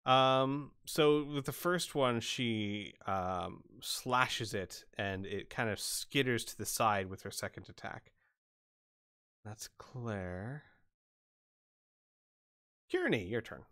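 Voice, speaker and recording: A man's voice: mid-range voice, expressive, slow, pauses often, fairly bright tone, clean tone. A man narrating combat as game master, playful and often laughing between rulings.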